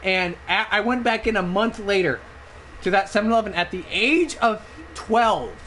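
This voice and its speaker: A drunk man streaming a game over a headset, telling a long, loud, profane story in a rambling way. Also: high voice, normal speed, a little hiss or hum. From Oregon, United States. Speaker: streamer and gamer. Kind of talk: casual rambling storytelling while gaming.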